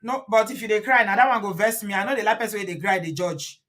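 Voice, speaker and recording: A Nigerian woman hosting a phone interview, speaking in a calm, soothing manner. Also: mid-range voice, quick pace. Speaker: host.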